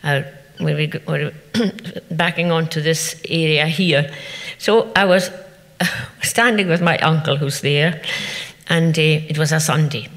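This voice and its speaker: A woman's voice: deep voice, measured pace, pauses often, a bit bright. Older woman telling stories in a hall. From Scotland. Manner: chatty anecdotal storytelling, acting out quoted voices. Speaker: festival speaker. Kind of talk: storytelling talk to an audience. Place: event venue. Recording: echoey hall.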